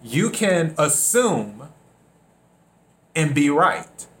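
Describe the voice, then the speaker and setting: A man from South Carolina hosting a reflective solo podcast, unhurried, repeating his phrases and acting out bits of dialogue. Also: a little high, very animated. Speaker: podcast host.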